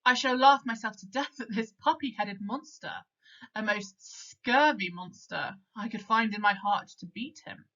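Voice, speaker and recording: A woman's voice: mid-range voice, a little slow, bright, forceful tone, highs cut off. A woman reading as Trinculo, mocking jester. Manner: plain reading aloud of verse.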